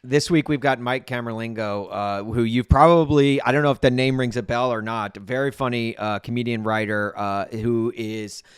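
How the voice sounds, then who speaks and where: A man's voice: medium pitch, fairly even intonation, normal speed, hardly any pauses, smooth, dry recording, studio quality. A man co-hosting a comedy podcast who tells stories with animation and laughs often. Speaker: podcast co-host. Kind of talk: casual comedic podcast chat.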